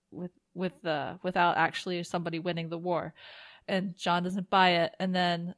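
A woman's voice: mid-range voice, fairly even intonation, moderate pace, fairly bright tone, no echo. A woman co-hosting a podcast, recapping a TV episode in casual chat full of jokes and fillers. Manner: chatty, joking, full of fillers. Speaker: podcast co-host.

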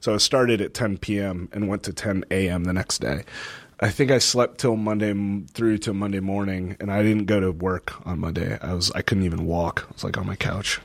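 His voice sits low and creaky at a moderate pace, captured in a dry recording. The young man co-hosts a podcast from a city in the northeastern United States, telling animated stories in casual talk, laughing often and acting out what others said.

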